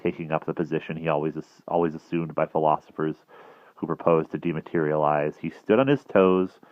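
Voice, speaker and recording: A man narrating a classic novel in an expressive storytelling manner. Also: rumbling low, fairly quick, dry recording, highs cut off. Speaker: reader. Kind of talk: audiobook narration.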